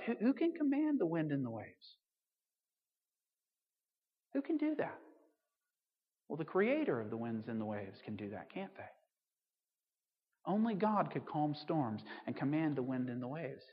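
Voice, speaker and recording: A man preaching a conversational sermon, telling stories with lively asides and quick jokes. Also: a little high. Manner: conversational, animated storytelling with asides. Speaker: pastor. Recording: muffled sound with long hall reverb.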